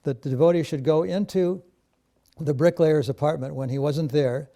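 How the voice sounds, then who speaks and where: A man telling a personal story in a measured, steady way, with occasional fillers. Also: on the high side, vocal fry. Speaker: devotee recalling memories. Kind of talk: personal reminiscence.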